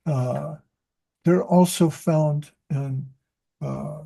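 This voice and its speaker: In a casual group chat, a male reading teacher rambles and interrupts himself, frequently starting sentences over. His voice sits on the high side and is dark with vocal fry, drawing out his words over fairly even intonation.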